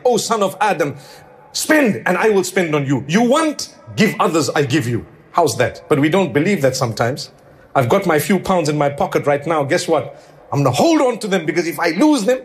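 A man delivers a sermon in a conversational, earnest way, often turning to the congregation with rhetorical questions. His voice sits a little on the high side, and his tone is pleading rather than stern. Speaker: preacher.

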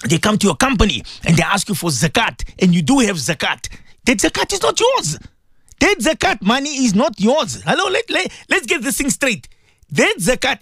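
A man's voice: sits high, fairly bright tone, no room sound, clean studio sound. A man, a Muslim cleric hosting a radio show, preaching fervently and pleading with his listeners, repeating phrases for emphasis. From South Africa. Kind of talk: impassioned radio sermon.

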